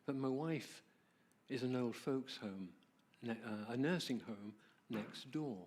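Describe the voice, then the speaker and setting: A gentle, frail elderly German man speaks softly and haltingly, unhurried and devoted, as a man quoting him in a church talk voices him. His voice sits at a plain middle pitch. The words come in a low-key storytelling way.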